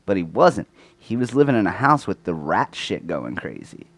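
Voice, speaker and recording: A podcast co-host talks close to the mic in a crude, rambling casual chat full of swearing, coughing from a sore throat. His fairly low voice is sing-song at normal speed, with no echo.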